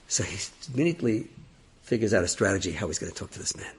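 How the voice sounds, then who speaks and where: A rabbi telling a story dramatically, acting out the characters. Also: male voice, on the low side, expressive, fast talker, slightly rough. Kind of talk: animated storytelling.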